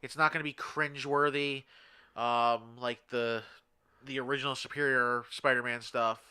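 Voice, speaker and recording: A man hosting a casual podcast chat in an animated, quick, joking way. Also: medium pitch, clean tone. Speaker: podcast host.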